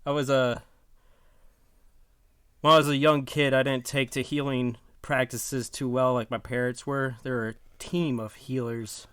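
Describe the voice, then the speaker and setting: A man's voice: mid-range voice, level tone, a little slow, fairly bright tone, clear, resonant tone, no room sound, studio quality. A man playing a tabletop game, talking in character in a blunt, impatient way. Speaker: player.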